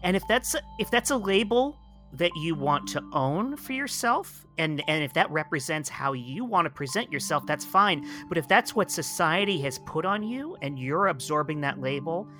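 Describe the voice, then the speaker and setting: A man playing a calm, soothing therapist in an improvised comedy podcast. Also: a little high, moderate pace, faint music behind.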